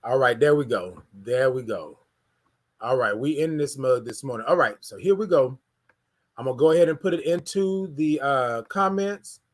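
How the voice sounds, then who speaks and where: A man from Houston hosting a casual morning livestream, greeting viewers and hyping up the chat. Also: medium pitch. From Houston, Texas. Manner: energetic, hypes the chat, drawn-out sung greetings. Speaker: livestream morning show host.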